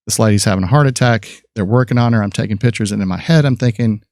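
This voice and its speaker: A man's voice: fairly low pitch, fast talker, a little mellow, no room sound, clean studio sound. A man in his fifties, a podcast guest and photographer, telling rambling stories about his life in a casual chat, with many fillers and restarts.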